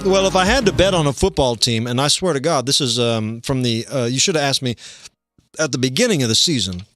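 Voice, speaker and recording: A man hosting a livestream comedy show, rambling and deadpan, contradicting himself as he goes. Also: medium pitch, fairly quick, no echo, studio quality, faint music behind.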